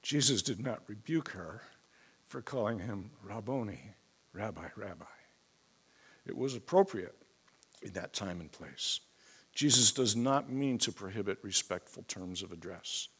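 Male preacher, lowish voice, relaxed teaching tone that spikes into emphasis. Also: normal speed, breathy edge. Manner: conversational teaching with emphatic outbursts. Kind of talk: sermon.

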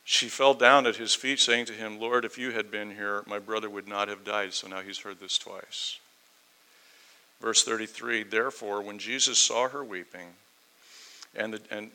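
A man preaching a sermon, reading scripture aloud and then explaining it in a conversational way, swinging between loud emphasis and quiet asides. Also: lowish voice, rough recording. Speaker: pastor. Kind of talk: sermon, verse-by-verse Bible teaching.

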